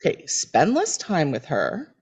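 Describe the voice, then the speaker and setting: Blunt male therapist, pointed, matter-of-fact, woman putting him on, low and lively voice. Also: a little slow, slightly rough, heavily acted.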